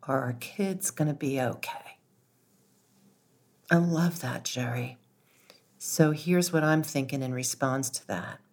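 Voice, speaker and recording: Low-voiced, slow-speaking woman host. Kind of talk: interview conversation.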